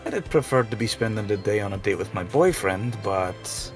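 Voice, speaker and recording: A man's voice: fairly low pitch, expressive, normal speed, faint music behind, pitched below the performer's own voice, close to an everyday voice. Man reading a blunt young woman. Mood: casual. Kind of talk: voicing a visual novel character.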